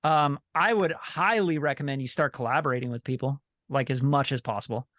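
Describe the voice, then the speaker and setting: A man's voice: mid-range voice, fairly quick, a bit bright, dry recording, studio quality. A man coaching a member on a video call, blunt, profane and repetitive, often asking "you know what I'm saying". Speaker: sync licensing coach and group leader.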